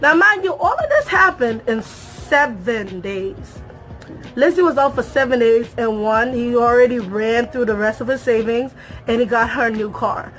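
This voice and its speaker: A young woman recaps a reality show for her viewers in a casual, animated way. Her voice sits a little high, and she hammers her points home by repeating herself. Soft music plays underneath. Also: measured pace. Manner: animated, emphatic, repeats phrases for effect; talks straight to viewers, calls them y'all.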